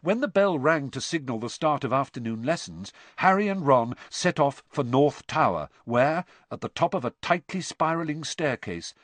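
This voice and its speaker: A man narrating an audiobook in an expressive, varied storytelling manner. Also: mid-range voice, no echo.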